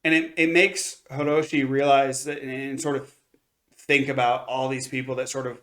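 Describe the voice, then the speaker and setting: A man's voice: mid-range voice, level tone, normal speed, fairly bright tone. Rambling man recapping an anime. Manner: rambling recap with many fillers and restarts. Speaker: anime podcast co-host. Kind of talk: casual review chat.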